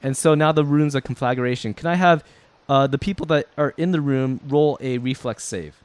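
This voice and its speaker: A man's voice: medium pitch, moderate pace, smooth. A man narrating a tabletop game as game master, explaining rules and describing scenes with frequent ums.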